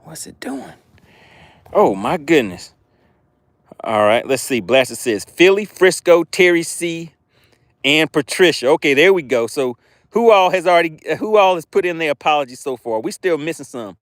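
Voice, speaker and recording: A man's voice: on the high side, animated, normal speed, no echo, clean studio sound. A man hosting a live fishing stream outdoors, reading viewer chat aloud and teasing them playfully. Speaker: fishing livestream host. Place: outdoors by the water.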